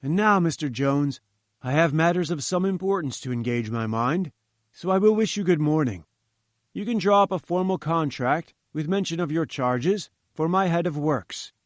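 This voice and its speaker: A man's voice: a little high, expressive, moderate pace, no echo, clean studio sound, pitched above the performer's own voice, close to an everyday voice. A man playing an imperious old scientist. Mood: dismissive. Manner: imperious, curt, forceful. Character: domineering, irascible older male scientist.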